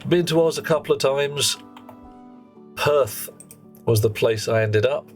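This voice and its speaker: A man's voice: mid-range voice, measured pace, soft background music. A man, chatting jokily on a live game stream and reading viewer names aloud. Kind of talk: live gameplay stream chat.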